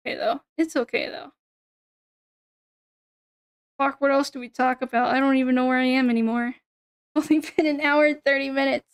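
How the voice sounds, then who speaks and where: A woman's voice: high voice, steady tone, moderate pace, pauses often, clear, resonant tone. A young woman chatting casually on a stream, rambling, swearing and giggling often.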